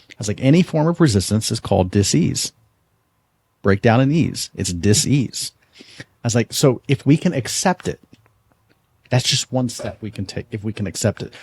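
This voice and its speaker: A man's voice: lowish voice, gravelly, darkish tone, slightly rough, no room sound. A man hosting a podcast, telling a story in an earnest, conversational way, often repeating words as he restarts a thought. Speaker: podcast host.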